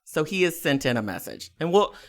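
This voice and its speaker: A man's voice: on the high side, sing-song, brisk, gravelly, a bit bright. A man hosting a podcast, chatting in a brash, crude, teasing way. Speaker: podcast host. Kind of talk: casual podcast chat.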